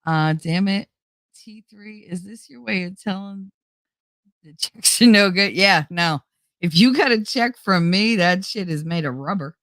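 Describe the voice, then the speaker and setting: A woman's voice: medium pitch, a little slow, fairly bright tone, dry recording. A middle-aged woman hosting her own channel, chatting casually to viewers in a rambling, joking way and laughing often. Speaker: YouTube channel host.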